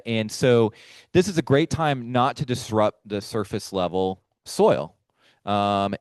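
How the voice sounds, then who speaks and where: A man gives a chatty talk to a room of listeners. His voice sits on the low side and comes across smooth and clear. It sounds dry and close, with no room echo. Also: darkish tone. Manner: conversational, chatty, addresses the audience directly. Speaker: firefly researcher giving a talk. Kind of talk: casual lecture to a live audience. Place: meeting room with a live audience.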